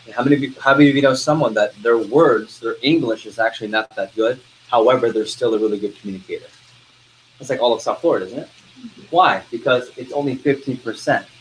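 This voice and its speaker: Lively male sales trainer quizzing a class. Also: mid-range voice, fast talker, slight background noise, poor audio. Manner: energetic, keeps asking the class questions. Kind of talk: interactive training talk.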